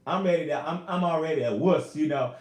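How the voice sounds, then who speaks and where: A man's voice: a little high, brisk, reverberant. A man, a singer and YouTuber, chatting casually on a live stream from home, earnest and emotional as he talks to his viewers. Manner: emotional, earnest, animated, addresses viewers as y'all.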